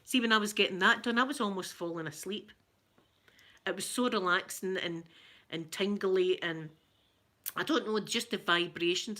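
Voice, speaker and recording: A woman's voice: medium pitch, moderate pace, bright, forceful tone. Chatty middle-aged Scottish woman. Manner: chatty, self-mocking, rambling. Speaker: ASMR channel host. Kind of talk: casual chat to viewers.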